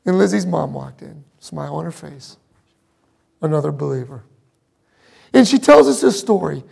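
Man, middle-aged pastor, sermon storytelling, husky, heavy vocal fry. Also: fairly high pitch, expressive, normal speed. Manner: emotional, swings between loud emphasis and hushed asides.

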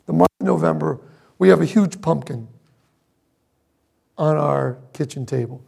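A middle-aged man preaching a sermon, telling a personal story with emotion, moving between loud emphasis and hushed asides. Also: fairly high pitch, a little slow, vocal fry, slightly rough. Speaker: pastor.

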